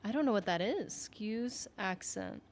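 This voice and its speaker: Her mid-range voice is animated and a little slow. Chatting on a game stream, this northern U.S. woman rambles, says "like" constantly, interrupts herself, and reads out what viewers comment.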